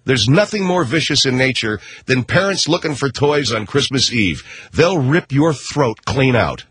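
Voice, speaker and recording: A man's voice: medium pitch, very animated, moderate pace, hardly any pauses, fairly bright tone, husky, no echo. A middle-aged man from the Los Angeles area, a radio host rambling through a sarcastic monologue.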